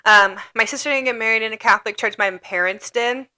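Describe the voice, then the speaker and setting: A young woman co-hosting a podcast, telling stories in a chatty, animated way with lots of "like". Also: a little high, a little fast. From Croatian and Italian family. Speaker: podcast co-host. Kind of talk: casual chat.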